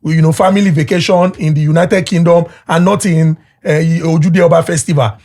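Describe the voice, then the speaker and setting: Young male podcast host, slightly husky, fairly high voice, measured delivery. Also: fairly even intonation, a little mellow. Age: young adult. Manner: measured, making a point with examples. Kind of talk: casual podcast chat.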